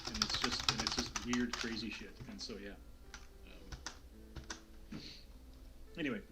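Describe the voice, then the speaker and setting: A man's voice: fairly low pitch, steady tone, measured pace. A man hosting a streamed tabletop game, chatting loosely with many fillers and restarts before the recap. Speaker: game master. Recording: noisy online call with keyboard clicks.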